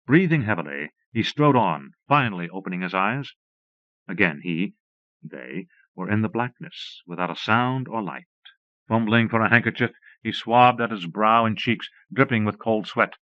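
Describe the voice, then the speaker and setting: A man reading a horror fantasy story aloud in measured, steady narration. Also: lowish voice, no room sound. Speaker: audiobook reader. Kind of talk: scripted narration. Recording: muffled dry cassette recording.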